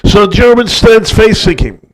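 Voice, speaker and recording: An older man, a guest rabbi, telling a story in an emphatic way that swings between hushed passages and loud peaks. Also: high voice, sing-song, measured pace. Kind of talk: dramatic storytelling talk.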